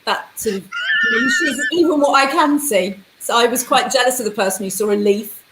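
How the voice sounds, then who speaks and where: A woman guest on a video call, answering interview questions from her home in Portugal in a relaxed way. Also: on the high side, brisk. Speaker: guest artist. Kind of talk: casual interview. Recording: roomy video call with faint hiss.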